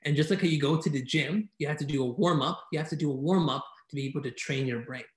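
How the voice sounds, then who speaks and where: A man giving an energetic online presentation, talking enthusiastically and often checking in with "right?" as he teaches. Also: a little high, roomy sound. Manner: enthusiastic, fast-talking, keeps asking "right?". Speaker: conference speaker teaching speed reading. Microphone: video call.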